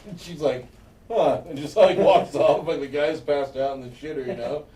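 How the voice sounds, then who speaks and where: Mellow-voiced man in casual chat, echoey room. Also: a little high, fairly quick. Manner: laid-back, swearing, tells personal anecdotes. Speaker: podcast co-host. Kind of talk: casual chat recapping a TV episode. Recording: echoey room, mic at a distance, faint noise.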